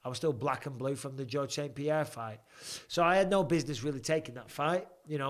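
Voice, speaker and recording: A man, chatting casually and swearing while commentating a fight and answering viewer questions on a livestream. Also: fairly high pitch. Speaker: fight companion livestream host. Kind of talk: casual live commentary and chat.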